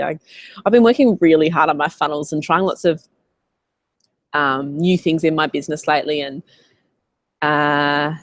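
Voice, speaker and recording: An Australian woman coaching in a casual live Q&A, chatty and animated as she tells stories. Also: sits low, dry recording. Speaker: business coach.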